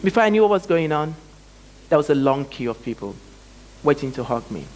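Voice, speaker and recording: Poor audio captures a guest speaker recounting a personal story. He leans on dramatic, emphatic pauses, and his pitch and volume swing widely, with especially big pitch jumps.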